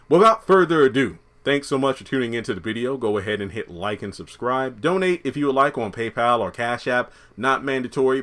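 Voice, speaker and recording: A man with a slightly low voice reviews a TV episode in a loose, chatty way. He jokes as he goes and lets the odd curse word slip. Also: a bit bright. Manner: chatty and joking, with casual profanity. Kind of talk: casual spoken episode review.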